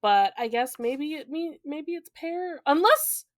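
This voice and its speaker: A young woman with a high, expressive voice speaks a little slowly as she co-hosts a podcast, chatting casually about a book with playful asides and plenty of laughter. There is no echo on the recording.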